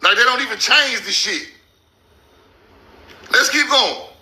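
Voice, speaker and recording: A man hosting a casual commentary over maps, loud and incredulous, laughing and swearing, stretching out words slowly for emphasis. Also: very high voice, animated. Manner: slow, drawn-out emphasis on names. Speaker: host.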